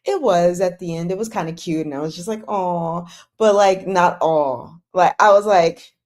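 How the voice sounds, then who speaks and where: A woman's voice: fairly low pitch, moderate pace. A young woman hosting a live chat about dramas, talking casually and with animation, gushing one moment and exasperated the next. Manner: animated, gushing and exasperated, acts out her own reactions.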